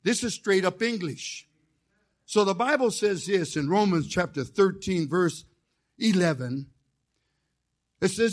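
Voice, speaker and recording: A man preaching a fiery sermon as a chaplain, telling folksy stories with jokes and rising into shouted call-and-response. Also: sits high, animated, unhurried, pauses often. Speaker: chaplain preaching as guest speaker.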